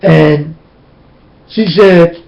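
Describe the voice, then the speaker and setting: A man's voice: on the high side, drawn-out words, vocal fry, darkish tone, muffled recording. A man preaching intense, repetitive warnings into a webcam. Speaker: self-styled preacher. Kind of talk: webcam sermon.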